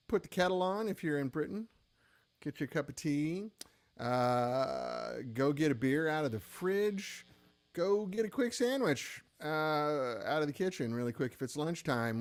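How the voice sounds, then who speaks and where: A tired, middle-aged man hosting a casual gear-shop livestream, chatty and rambling with self-deprecating asides. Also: a little high.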